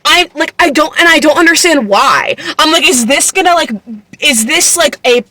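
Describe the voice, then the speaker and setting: A woman's voice: high-pitched, animated, normal speed, pushed and bright, no echo. A woman in her twenties recapping a book casually, chatty and incredulous, full of fillers and swearing. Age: 20s. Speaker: book vlogger.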